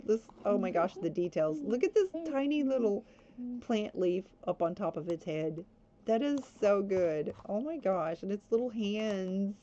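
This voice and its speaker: Chatty woman streamer, slightly muffled. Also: medium pitch. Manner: chatty, bursts into excited squeals. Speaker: gaming streamer. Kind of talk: casual gameplay commentary. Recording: slightly dull sound with faint background hiss.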